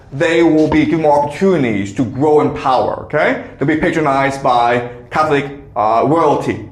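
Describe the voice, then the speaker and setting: Lecturer, male, higher voice, keeps asking "okay?", recorded in a reverberant room. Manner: checks in with frequent "okay?". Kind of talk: classroom lecture. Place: classroom. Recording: echoey classroom.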